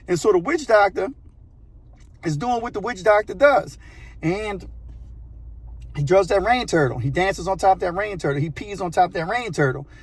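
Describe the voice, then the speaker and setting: A man, a channel host telling a story in a casual, animated, slangy way. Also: sits high, moderate pace, pauses often, husky, dry recording. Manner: animated, slangy, repeats phrases for effect.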